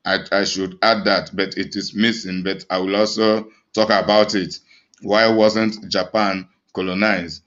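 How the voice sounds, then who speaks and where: A man's voice: lowish voice, fairly bright tone, muffled recording. A man with a Nigerian accent, an evangelist preaching emphatically to his online audience, with many restarts and fillers. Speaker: evangelist and channel host.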